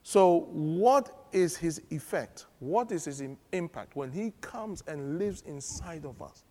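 A man preaching a sermon, animated and humorous, often laughing as he teaches. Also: fairly high pitch, takes it slowly. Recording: long reverb of a large hall.

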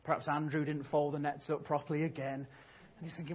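A man's voice: a little high, flat delivery, fairly quick. A man preaching a sermon in a humorous, conversational storytelling manner. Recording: dull lo-fi recording.

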